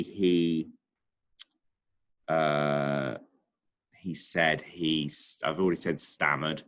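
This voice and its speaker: A man's voice: rumbling low, very slow, pauses often, fairly bright tone. A male primary school teacher, chatting and thinking aloud as he writes a lesson. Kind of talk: remote writing lesson.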